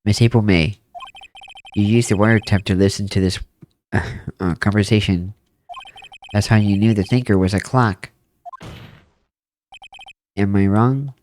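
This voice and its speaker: A man's voice: fairly low pitch, steady tone, unhurried, long pauses, darkish tone, a little hiss or hum, natural voice. A man voicing a determined young defense lawyer. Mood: accusing. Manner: pressing, accusing. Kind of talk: voicing a video game's text for a let's play.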